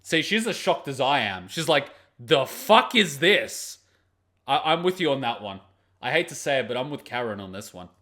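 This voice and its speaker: A man's voice: mid-range voice, lively intonation, brisk, fairly bright tone. A man hosting an anime reaction video, giving blunt, profane, mocking commentary on the fight.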